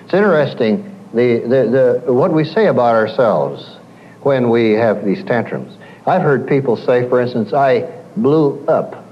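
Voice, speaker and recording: A man's voice: medium pitch, normal speed, lo-fi sound, a little hiss or hum. A man giving a lecture to an audience as a counselor, telling stories and acting out what his clients say. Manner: animated storyteller, acts out quoted clients.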